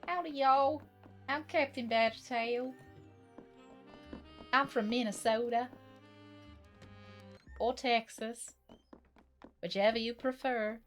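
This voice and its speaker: A woman's voice: a little high, steady tone, takes it slowly, long pauses, faint music behind. A British woman putting on a jokey folksy American cowboy voice. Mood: goofy.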